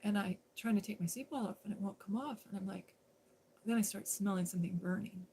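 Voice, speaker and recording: A woman's voice: medium pitch, brisk, warm tone, husky, rough recording. A woman casually telling a personal story on a live stream, rambling and conversational with lots of fillers and restarts.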